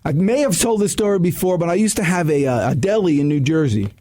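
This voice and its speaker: In a casual radio studio chat, a middle-aged man with a high voice appears as a sales coach guest, offering sales advice in energetic, emphatic bursts. He talks fast, often restarting sentences as he tells his stories.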